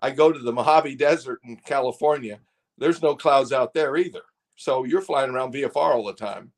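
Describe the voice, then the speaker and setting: Older male guest, rambling storyteller, mid-pitched, easy chuckling delivery. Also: a little fast. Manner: rambling, laughs often, restarts. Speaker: guest, former fighter pilot. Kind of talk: casual storytelling.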